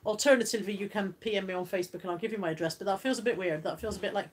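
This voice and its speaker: A woman's voice: medium pitch, racing, a little hiss or hum. A British woman hosting a casual live stream, chatting, laughing and reading out viewer comments. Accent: British English.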